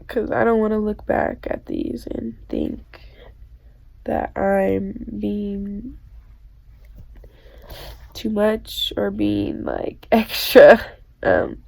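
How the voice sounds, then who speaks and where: A woman crying as she talks alone to her own camera, in a halting, hesitant confession broken by nervous laughs and swearing. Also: medium pitch, sing-song, vocal fry, darkish tone. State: tearful, crying. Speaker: vlogger. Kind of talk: confessional self-recorded monologue. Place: alone indoors. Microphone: self-filmed camera.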